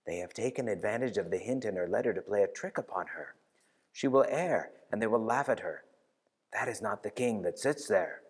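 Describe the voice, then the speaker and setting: A man voicing a gruff proud knight. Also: fairly low pitch, animated, a little fast. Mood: urgent whisper. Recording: reverberant church hall.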